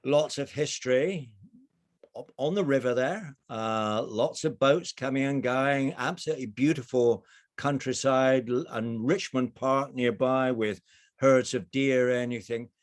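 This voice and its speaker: A middle-aged man giving a storytelling presentation over a video call from a narrowboat kitchen, animated, with frequent restarts. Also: mid-range voice, unhurried. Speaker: speaker.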